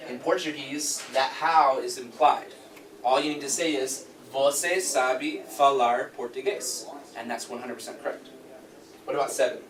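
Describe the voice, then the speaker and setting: A man's voice: mid-range voice, steady tone, normal speed. A man teaching a language class, patiently explaining and quizzing his students. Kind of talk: classroom correction drill. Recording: echoey classroom, far mic, noisy.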